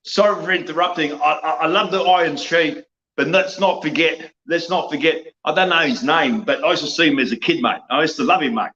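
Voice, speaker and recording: A high, bright-voiced middle-aged man with an Australian accent rants loudly and drunkenly, throwing mate and bro into every line. He sounds like a rowdy podcast guest on dull, lo-fi audio. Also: fairly quick. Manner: loud, excitable, rambling, says mate and bro constantly. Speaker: guest wrestler. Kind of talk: rambling podcast rant.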